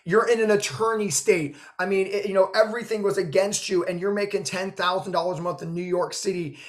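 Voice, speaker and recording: A man with a high voice hosts a video call interview. He gushes with praise, full of fillers and emphatic encouragement. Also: fairly even intonation, brisk. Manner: effusive, gushing, filler "like" and "girl". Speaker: host, notary trainer. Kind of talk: emotional interview chat.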